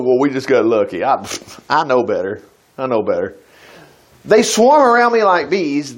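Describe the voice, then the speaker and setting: A middle-aged man leads an informal Bible teaching, reading verses and breaking off into folksy asides. His voice sits a little high and swoops around with lively pitch. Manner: folksy, animated, jumps between reading and asides. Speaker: preacher teaching scripture.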